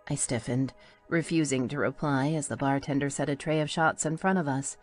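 Brief: woman, low-pitched voice, wry playful first-person audiobook narration, soft music underneath. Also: fairly even intonation, brisk.

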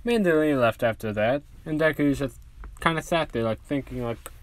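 A man's voice: mid-range voice, normal speed. A man telling an improvised fan story in a rambling way, full of fillers.

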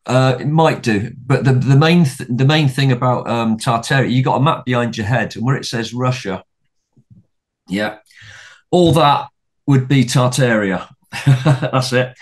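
A man's voice: mid-range voice, a little slow. A middle-aged man, a podcast guest, telling a story in casual conversation, rambling with many restarts and repeated words and swearing freely.

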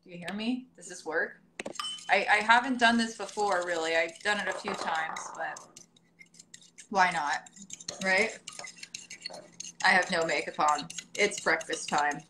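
A woman's voice: fairly low pitch, unhurried, long pauses, background noise. Chatty woman in an echoey kitchen. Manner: chatty, rambling, laughs often. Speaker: vlogger doing a live stream. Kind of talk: casual live-stream chat while cooking. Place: home kitchen. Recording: echoey kitchen with dish clatter. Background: clinking cutlery and dishes.

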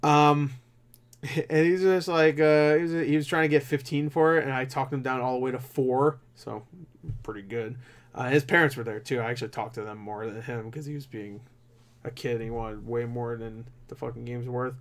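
A man's voice: mid-range voice, fairly even intonation, moderate pace. A tired young man grumbling and swearing as he talks casually while browsing game listings, with jokes at his own expense. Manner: profane, grumbling, frustrated, self-mocking. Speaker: gaming channel host.

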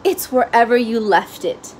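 Patient frog dad, voiced by a woman reader, calling out brightly in a storybook. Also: a little high, moderate pace, slight background noise, close to an everyday voice. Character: patient father frog calling his son.

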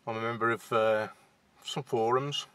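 A man's voice: medium pitch, steady tone, normal speed, a bit bright, smooth. Shy Midlands man vlogging from his car. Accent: West Midlands (Wolverhampton). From England. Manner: shy, hesitant, many fillers and restarts. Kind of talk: casual to-camera chat. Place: inside a parked car.

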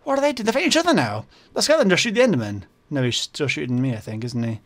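High-voiced jumpy man yelling at monsters. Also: sing-song, very fast. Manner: jumpy, swings from mumbling to panicked yelling; frequent fillers and self-corrections. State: voice getting hoarse. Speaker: gaming channel host. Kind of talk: Minecraft modpack let's play commentary.

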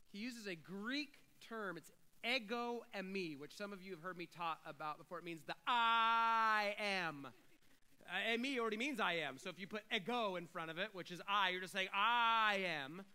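A male pastor preaching a sermon, talking through scripture and building to loud, emphatic declarations. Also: sits high, expressive, moderate pace, low-quality recording.

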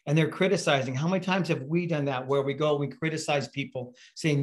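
A man's voice: a little high, steady tone, fairly quick. A middle-aged man preaching a casual, conversational sermon, telling stories with many fillers and restarts. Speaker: pastor.

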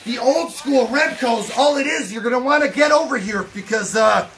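Hype-man host, man, high bright voice, shouting through an unboxing with faint music behind. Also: moderate pace, slight background noise. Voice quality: loud hype-man delivery with catchphrases. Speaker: collector hosting an unboxing. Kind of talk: hyped unboxing vlog. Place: home collection room.

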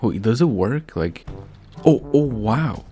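A man's voice: mid-range voice, lively intonation, slow, dark tone, faint music behind. A man giving rambling, casual gameplay commentary, full of slang and swearing. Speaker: gaming video creator.

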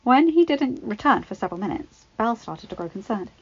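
A woman narrating a fanfiction story in an even, measured reading voice. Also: fairly high pitch, husky. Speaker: fanfiction reader. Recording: dull lo-fi, dry.

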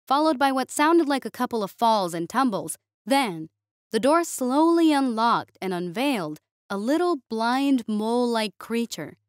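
A woman reading a sci-fi story aloud in steady, expressive narration. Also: fairly high pitch, no echo, clean studio sound.

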